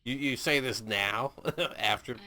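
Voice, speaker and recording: A man's voice: medium pitch, measured pace, pushed and bright. A man who is a military veteran, reacting to a war drama in casual, profane, laughing commentary. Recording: voice over film music.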